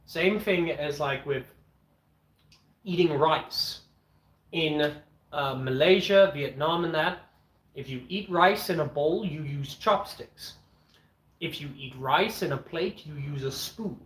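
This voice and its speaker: A man streaming from home with his dogs, chatting casually as he eats, blunt and opinionated, clearing his throat often. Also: a little high, a bit bright. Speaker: streamer eating on camera and answering chat. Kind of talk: casual rambling chat and rant. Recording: echoey room.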